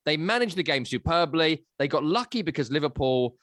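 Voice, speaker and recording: A man, hosting a casual football analysis chat, chatty and animated. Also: a little high, brisk, dry recording, studio quality. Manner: animated, chatty, breaks into silly voices. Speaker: football podcast host.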